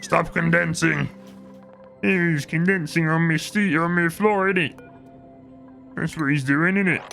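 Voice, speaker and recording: Guy doing a gravelly mock british dude, kinda high, grumbly, faint game music behind. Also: steady tone, a little slow, pushed and bright, full character voice. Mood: grumbling. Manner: tag questions, mock-grumbling. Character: exaggerated grumbling British man.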